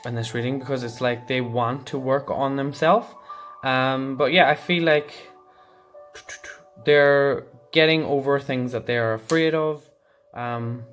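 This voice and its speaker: A man giving a casual tarot reading, thinking aloud and meandering with frequent pauses. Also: medium pitch, a bit bright. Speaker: tarot card reader.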